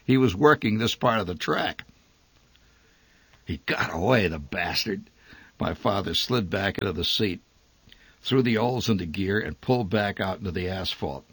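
Husky low-voiced male storyteller. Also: normal speed, dry recording. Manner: wry, dry, lively delivery. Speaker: narrator. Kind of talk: storytelling reading of a humorous memoir.

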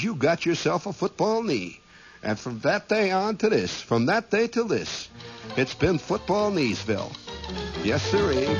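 In a slightly high voice over poor audio, a middle-aged man hosts a radio show with a meandering monologue of folksy stories. He performs different voices and exclamations as he rambles along.

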